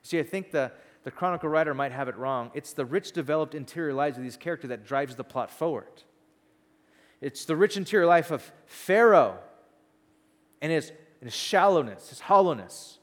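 Animated preacher in a reverberant hall. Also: male voice, a little high, normal speed. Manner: conversational, animated storytelling. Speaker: pastor. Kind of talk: sermon.

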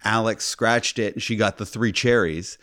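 A man co-hosting a podcast, retelling a story in casual chat with a teasing, animated manner. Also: on the low side, moderate pace. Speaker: podcast co-host.

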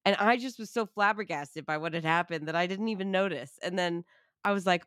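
Excitable swearing woman podcaster, dry sound. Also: fairly low pitch, a little fast, dry recording. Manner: excited, swears freely, acts out her own reactions. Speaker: podcast co-host. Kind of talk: casual movie chat.

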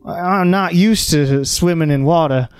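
A man's voice: a little high, a little slow, clean tone, no room sound, pitched above the performer's own voice, close to an everyday voice. A bewildered man with a Southern US drawl, puzzled at his odd surroundings, as put on by a game master. The sound is dry and close.

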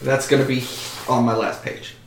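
A man's voice: mid-range voice, flat delivery, normal speed, echoey room, a little hiss or hum. Man running a tabletop game. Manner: casual, narrates with frequent ums. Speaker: game master.

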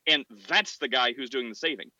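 A man's voice: medium pitch, a little fast, bright, forceful tone, no room sound, highs cut off. A man hosting a podcast, arguing in a casual debate with frequent restarts and short laughs. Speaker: podcast host.

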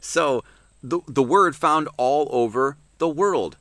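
A man preaching at a Sunday service, emphatic and swinging between loud emphasis and hushed asides, with many restarts. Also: a little high, animated, takes it slowly, no echo.

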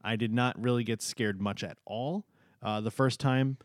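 A man's voice: mid-range voice, fairly even intonation, moderate pace, no room sound, studio quality. A man co-hosting a podcast in casual chat, talking with frequent ums and uhs. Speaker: podcast co-host.

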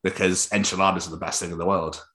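A man's voice: sits low, level tone, quick pace, bright, forceful tone. A young man co-hosting a podcast, chatting casually with sweary, giggly banter. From Wales. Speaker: podcast co-host. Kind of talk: casual chat.

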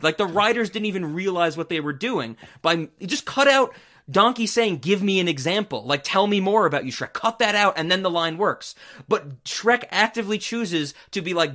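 Podcast host, male, fired-up movie rant, bright edgy tone, a bit high. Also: normal speed. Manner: ranting, animated, swearing. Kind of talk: casual chat.

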